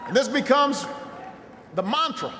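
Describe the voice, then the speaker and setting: A man giving a campaign rally speech, telling a self-mocking story and then rallying the crowd with shouted calls. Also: extremely high pitch, lively intonation, measured pace, noisy background. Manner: storytelling with a self-mocking humor, building into shouted call-and-response. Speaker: political speaker at a rally. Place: large rally venue full of people. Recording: echoey PA sound in a long hall with a loud crowd. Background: cheering crowd.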